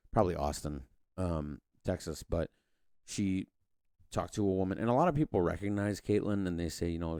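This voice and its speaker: A man's voice: deep voice, creaky, mellow, no room sound, clean studio sound. A man hosting a podcast, rambling through a casual political monologue with frequent restarts and casual swearing. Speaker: podcast host.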